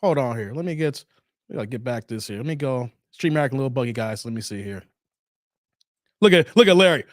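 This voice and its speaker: A man's voice: a little high, big pitch swings, fairly quick, fairly bright tone, no room sound, studio quality. A man hosting his own live show, reading viewer comments aloud and taking their jokes with playful protest. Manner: joking, reacts to viewer comments. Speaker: host. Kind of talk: livestream chat reading.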